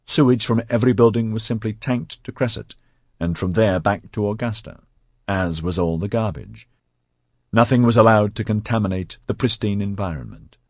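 Male audiobook narrator, low and husky, dry close mic, steady read. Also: normal speed, dry recording. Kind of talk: scripted narration.

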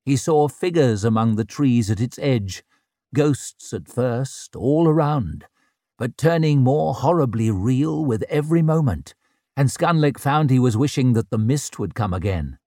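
A man giving measured, grave narration of a dark fantasy audiobook. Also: medium pitch, animated, dry recording, studio quality.

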